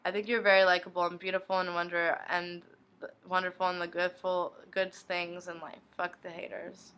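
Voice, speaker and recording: A woman's voice: on the low side, little pitch movement, moderate pace, fairly bright tone, clear, resonant tone. A young woman blogger reading inbox messages aloud one after another, in a plain reading manner. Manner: reads each message in turn, plainly.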